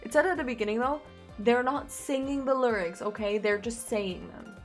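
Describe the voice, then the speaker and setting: A young woman reading fanfiction aloud as a content creator, breaking in with animated, sarcastic jokes and giggles. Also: mid-range voice, fairly quick, soft background music.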